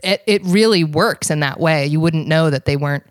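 A woman hosting a podcast, asking questions with eager interest. Her voice sits on the low side. The recording sounds dry and close, with no room echo. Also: normal speed. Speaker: podcast host. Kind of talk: casual interview.

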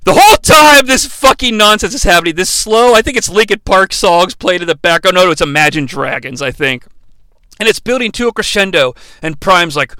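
A man's voice: sits high, lively intonation, fairly quick, pushed and bright, clean tone, dry recording. A man hosting a comedic movie review, rambling, profane and sarcastic. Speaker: host.

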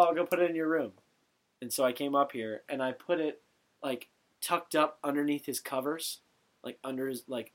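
A young man co-hosting a casual podcast, telling stories in an animated way, swearing casually and often laughing. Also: medium pitch. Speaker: podcast co-host. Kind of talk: casual chat.

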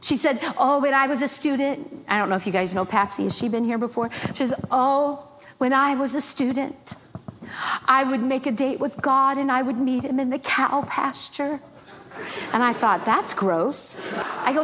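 A middle-aged woman preaching in a storytelling way, her fairly high voice carrying a long reverb through a church sanctuary. She slips into other people's voices and laughs as she goes, with a faint hiss underneath. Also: normal speed. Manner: animated, mimics voices, laughs often. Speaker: guest minister. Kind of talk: storytelling sermon. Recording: reverberant church hall, faint background noise.

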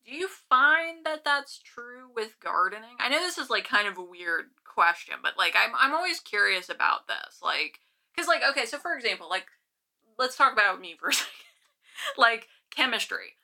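Bright woman chatting, full of "like". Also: fairly high pitch, animated, normal speed. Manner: chatty, full of "like", asks questions. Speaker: podcast co-host. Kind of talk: casual chat.

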